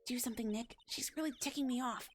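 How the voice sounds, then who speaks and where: Woman doing a peppy young sidekick girl, eager, kinda high and jumpy. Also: fast talker, slight background noise, close to an everyday voice.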